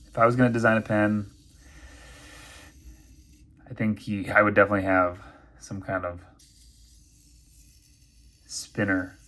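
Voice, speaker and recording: A man reviewing knives and pens in a casual unboxing, chatty and thinking aloud with many fillers. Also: on the low side. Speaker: knife and pen reviewer.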